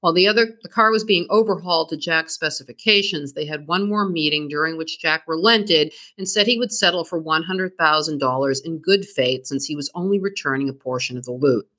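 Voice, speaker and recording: True-crime podcast co-host, woman, bright, scripted storytelling read. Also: low voice, a little fast, few pauses. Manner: reads from a script, dramatic storytelling.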